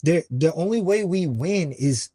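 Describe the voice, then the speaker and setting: A man guest on a podcast, telling a story earnestly and acting out other people's lines with sudden jumps in pitch. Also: lively intonation, a little slow, dark tone, slightly rough, dry recording. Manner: earnest, acts out quoted voices with big pitch jumps. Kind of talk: conversational storytelling.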